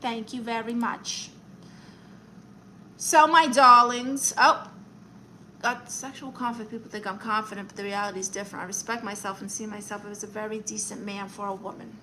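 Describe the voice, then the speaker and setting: A woman's voice: medium pitch, little pitch movement, fast, few pauses, fairly bright tone, a little hiss or hum. A woman with a New York accent hosting a casual livestream, reading comments aloud and giving advice in a sassy, theatrical auntie manner. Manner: sassy, theatrical auntie, calls viewers honey and darlings.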